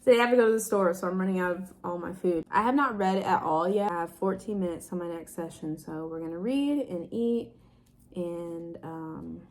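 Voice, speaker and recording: A young woman chatting casually in her vlog, talkative and quick to get excited. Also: lowish voice. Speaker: book vlogger.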